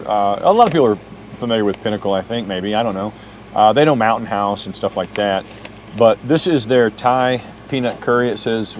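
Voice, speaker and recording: Oklahoma guy, middle-aged, rambling camp vlog at his truck, talks to his dog, faint bug noise behind. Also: fairly low pitch. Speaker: camping vlogger. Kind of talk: casual camping vlog. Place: in and around a truck at a campsite.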